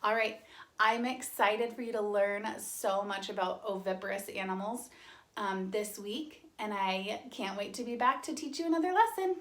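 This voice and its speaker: A young woman teaching an online kindergarten lesson, cheerful and sounding out words slowly and clearly. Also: mid-range voice, roomy sound.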